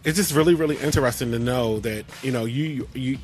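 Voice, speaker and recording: A man hosts a casual radio talk show at a mid-range pitch. He tells stories in an animated way, stumbling and restarting as he goes. Faint music plays underneath. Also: a little fast. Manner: animated storyteller, restarts often.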